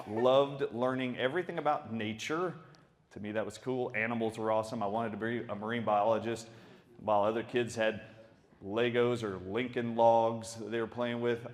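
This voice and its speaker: Middle-aged man, doctor, storytelling talk, emphatic, animated, laughing often. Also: medium pitch.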